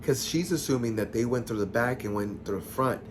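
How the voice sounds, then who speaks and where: A man casually retelling a listener's ghost story, chatty and expressive, with sassy asides to the audience. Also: mid-range voice, a little fast, background noise.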